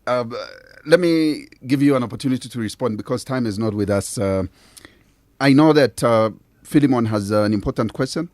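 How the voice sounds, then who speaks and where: A man's voice: medium pitch, fairly quick, darkish tone, dry recording. A man hosting a radio debate, politely cutting speakers off to keep to time. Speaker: radio show host.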